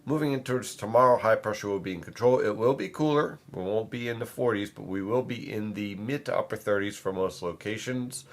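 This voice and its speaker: A man's voice: on the low side, fairly quick, few pauses. A man, a meteorologist, giving a weather forecast and stressing his key points firmly so nothing is misunderstood. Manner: emphatic, repeats points for clarity.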